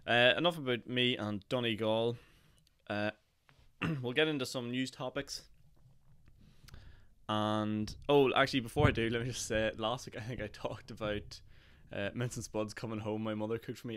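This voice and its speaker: A hoarse young man with a Northern Irish accent, hosting his podcast in a chatty, jokey way. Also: mid-range voice, fairly bright tone. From Northern Ireland. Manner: chatty and jokey, with frequent laughs and fillers. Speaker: podcast host. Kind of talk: casual solo podcast chat.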